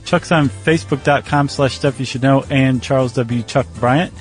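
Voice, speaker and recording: A man's voice: medium pitch, steady tone, normal speed, faint music behind. Wry man co-hosting a podcast. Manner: wry, joking. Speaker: podcast co-host. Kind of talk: casual chat.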